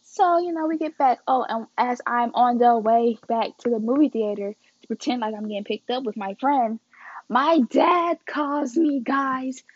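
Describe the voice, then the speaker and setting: A woman's voice: on the high side, moderate pace, dry recording, lo-fi sound. A young woman casually telling a story to her viewers, chatty and slangy, acting out quoted dialogue dramatically. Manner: slangy and chatty, addresses the audience as guys and y'all.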